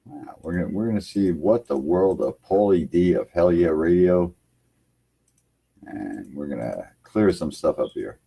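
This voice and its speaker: A man's voice: sits low, lively intonation, measured pace, creaky, mellow, slightly rough. A man hosting an internet radio livestream, rambling loosely in casual chat from his home computer setup and filling lines with "man".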